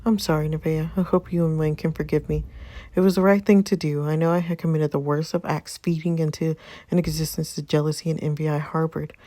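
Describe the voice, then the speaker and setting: A woman's voice: sits low, little pitch movement, brisk, warm tone, natural voice. A woman reading the narration of a vengeful young mother looking back on her past. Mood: reflective. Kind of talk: reading a story game aloud.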